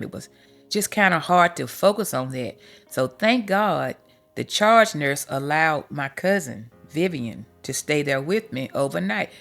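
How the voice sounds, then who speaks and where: A woman's voice: sits low, vocal fry. A woman podcast host and life coach telling her own story candidly, with homespun sayings, emotional at times. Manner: heartfelt and candid, with folksy sayings. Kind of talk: personal testimony storytelling.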